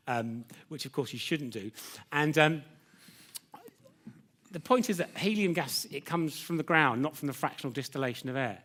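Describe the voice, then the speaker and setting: A man's voice: mid-range voice, fairly bright tone. A man presenting a live science demonstration lecture, chatty and jokey, teasing his assistant. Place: lecture theatre with audience.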